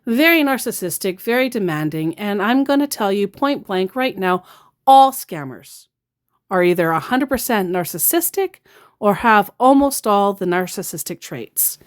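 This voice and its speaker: A woman's voice: mid-range voice, animated, normal speed. A woman giving blunt, sarcastic casual commentary as a scam baiter.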